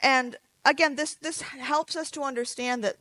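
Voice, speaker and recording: A woman's voice: high-pitched, fairly even intonation, moderate pace, pushed and bright, dry recording, low-quality recording. A woman giving a conversational public lecture, explaining step by step with light asides, restarts and fillers.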